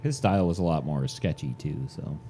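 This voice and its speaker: Very deep, mellow-voiced man. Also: a little fast, breathy edge. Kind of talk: casual chat.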